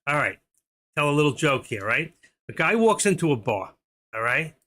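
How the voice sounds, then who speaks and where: A man's voice: a little high, big pitch swings, moderate pace, pushed and bright. A middle-aged man hosting a live stream, chatting casually and telling jokes in a rambling way, laughing at his own punchlines.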